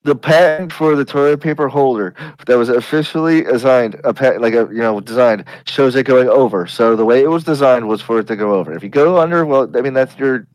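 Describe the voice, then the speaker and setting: A man's voice: medium pitch, a little fast, hardly any pauses, darkish tone, dry recording, low-quality recording. A man co-hosting a podcast in casual, rambling, jokey chat with mock-earnest tangents. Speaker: podcast co-host.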